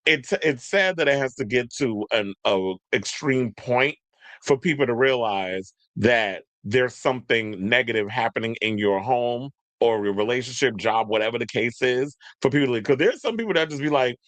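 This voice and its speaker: A man's voice: mid-range voice, normal speed, a bit bright, no room sound. Man, casual commentator, blunt and rambling, dry close sound.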